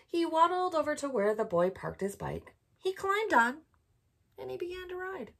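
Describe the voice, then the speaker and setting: A woman storyteller reading a picture book aloud for a bedtime program, gently asking children questions as she goes. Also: very high-pitched, big pitch swings, moderate pace, gravelly.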